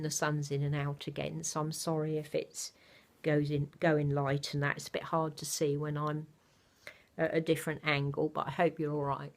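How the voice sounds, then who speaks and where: An older woman talks softly to her camera at home. Her voice sits a little low and she rambles warmly from one thought to the next, with plenty of fillers along the way. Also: gravelly. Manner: chatty, soft-spoken, rambling with many fillers. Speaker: vlogger. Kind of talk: casual chat to camera. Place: home, indoors.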